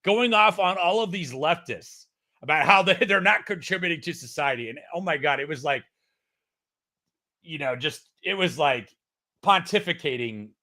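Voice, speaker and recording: A man hosting a casual live-stream news commentary, excitable, swearing and laughing as he talks. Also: a little high, moderate pace. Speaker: host of a political news stream. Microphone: streaming setup mic.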